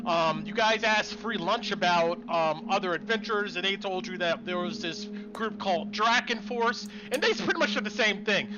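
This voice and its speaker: A man, the game master, calmly filling in story details during a casual recap. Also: high-pitched, moderate pace, few pauses. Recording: dull lo-fi mic with music behind.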